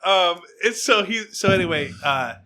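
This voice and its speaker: A young man hosting a podcast, telling an animated story in casual chat and acting out other people's lines. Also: high-pitched, moderate pace, crowd noise. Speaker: podcast host.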